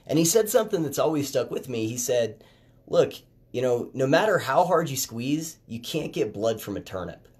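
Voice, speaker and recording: Casual male podcaster, mid-pitched, chatty monologue that turns animated on key points. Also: normal speed. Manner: conversational, animated when making a point. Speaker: podcast host. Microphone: headphones with phone recording.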